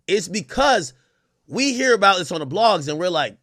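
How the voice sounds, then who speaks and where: Male streamer host, animated and profane, lively swooping delivery, dry close mic. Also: sits high, moderate pace, no room sound. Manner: animated, acts out quotes, profane. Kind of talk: casual streamed commentary.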